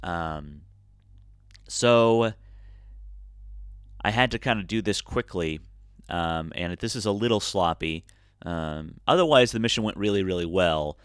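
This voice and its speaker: Low-voiced man rambling over gameplay. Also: measured pace, pauses often, smooth, no echo, clean studio sound. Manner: relaxed, rambling, with many fillers and restarts. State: tired, yawning. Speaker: gameplay commentator. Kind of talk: casual let's-play commentary.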